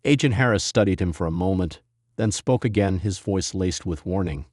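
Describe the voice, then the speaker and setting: A man narrating a scripted dramatic story in a steady storytelling manner. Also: deep voice, moderate pace, dry recording, studio quality.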